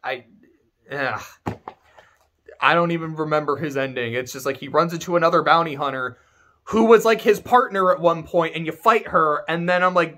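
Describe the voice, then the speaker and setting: A man's voice: a little high, normal speed, pushed and bright. A man giving a casual, sarcastic and profane rant as a video game reviewer.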